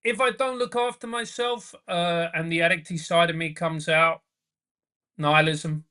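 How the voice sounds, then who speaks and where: A man's voice: on the high side, steady tone, moderate pace, pushed and bright, clear, resonant tone. A male comedian guest in casual podcast chat, talking earnestly and repeating phrases for emphasis.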